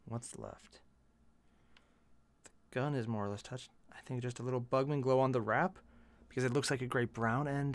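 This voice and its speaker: A man's voice: mid-range voice, unhurried, long pauses, no echo. A man casually commenting to himself as he paints miniatures, muttering asides and small self-deprecating jokes. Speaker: miniature painting channel host.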